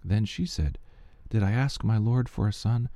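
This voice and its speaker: A man giving a steady, measured reading of Bible passages aloud, with the odd slip he corrects. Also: fairly low pitch, gravelly, no room sound. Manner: steady, measured reading with small slips and restarts. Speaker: scripture reader.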